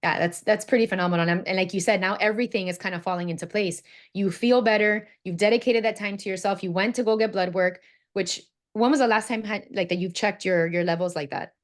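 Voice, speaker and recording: An encouraging woman leads a self-care workshop. She talks with lively energy and slips into the voices of the people in her stories. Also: mid-range voice, quick pace, few pauses. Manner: animated, encouraging, storytelling with quoted voices. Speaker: workshop host. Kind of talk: enthusiastic workshop talk.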